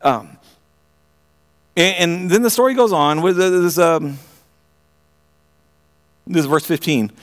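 A man preaching a sermon, retelling a story in an animated way, often restarting his phrases and asking his listeners direct questions. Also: on the high side, takes it slowly, long pauses. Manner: animated storytelling with frequent repeated starts; asks the audience direct questions.

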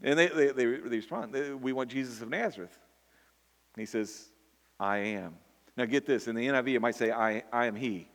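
A man's voice: mid-range voice, normal speed, fairly bright tone. A man preaching a sermon earnestly, often repeating words and building to emphatic peaks. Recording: long hall reverb.

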